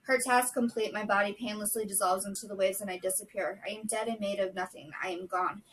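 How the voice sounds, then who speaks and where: Woman reading a book chapter out loud, bright voice, mic kinda far away. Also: medium pitch, a little hiss or hum. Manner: steady, measured reading with brief casual asides. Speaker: book vlogger. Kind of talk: reading a novel chapter aloud.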